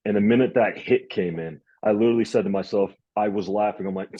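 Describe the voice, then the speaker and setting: Low, husky-voiced young male host. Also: quick pace, no echo, highs cut off. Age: young adult. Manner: rambling, animated storyteller. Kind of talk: casual interview.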